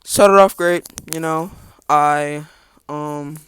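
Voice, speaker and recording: A teenage boy hosting his own podcast rambles through a personal story, restarting sentences and tossing in sarcastic asides. His voice is a little high, smooth and a bit bright, with a steady tone and drawn-out words.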